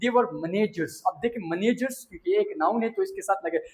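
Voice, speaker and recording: Rapid-fire high-voiced male teacher. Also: low-quality recording. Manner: rapid-fire repetition, switching between English and Hindi-Urdu explanations. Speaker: English teacher. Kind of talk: drilling example sentences for beginners.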